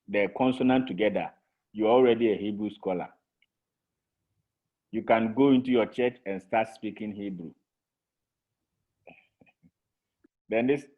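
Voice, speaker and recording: A man teaching a Hebrew vocabulary lesson to a class over a video call, patiently repeating each word for drilling. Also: on the low side. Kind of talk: online language lesson. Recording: tinny phone-like call audio.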